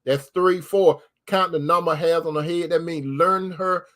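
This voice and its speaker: A man hosting an advice talk in a preacherly way, calling listeners brother and stretching key words slowly. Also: on the high side, steady tone, fairly bright tone. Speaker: host giving relationship advice. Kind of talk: preacherly advice talk reading viewer comments.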